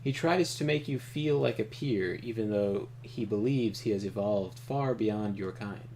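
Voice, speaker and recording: A man's voice: lowish voice, a little slow, hardly any pauses, darkish tone, slight background noise. A man hosting a let's play, reading the game's text aloud and making casual asides with the odd chuckle. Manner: casual, chuckling asides, trips over names. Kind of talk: reading game text and commenting while playing.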